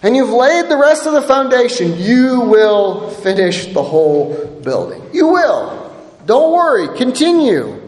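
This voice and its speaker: High voiced preacher guy, emphatic, keeps saying right?, big roomy echo. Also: sing-song, unhurried. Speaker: pastor. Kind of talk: sermon. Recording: echoey hall with long reverb.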